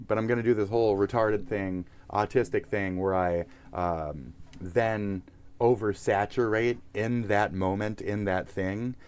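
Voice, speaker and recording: A man with a fairly low voice rants through a livestream as its host. He swears constantly and mocks his targets. His talk rambles from point to point. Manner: profane, mocking, rambling. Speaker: live streamer. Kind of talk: livestream rant.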